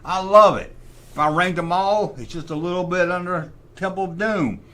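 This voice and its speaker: Speaking in a high voice at a normal pace, this middle-aged host runs a relaxed livestream chat. He's lively and full of opinions, muttering to himself while he makes up his mind.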